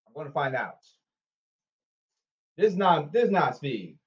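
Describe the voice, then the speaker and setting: Guy ranting on his podcast, kinda high voice, keeps repeating himself, scolding and worked up. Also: sing-song, unhurried, slightly rough, muffled recording. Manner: agitated, repetitive, scolding. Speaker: podcast host.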